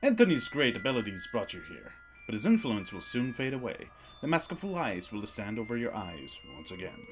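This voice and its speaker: A slow, ominous male voice from a horror game, murmuring about veils and hidden truths, as a man reads it out. Its pitch swings in a lively way even while it stays hushed and grave. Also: music in the background. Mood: solemn. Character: mysterious male voice speaking of a veil of mists.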